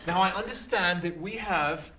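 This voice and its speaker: A man's voice: high voice, moderate pace, distant mic, noisy background. Smarmy young man hosting a comedy show.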